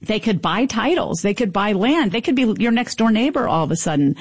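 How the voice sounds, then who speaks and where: A woman professor explaining her field on a radio interview. She speaks fluently at a middle pitch. The recording is dry and close. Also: lively intonation, brisk, breathy edge, no room sound. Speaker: linguistics professor guest.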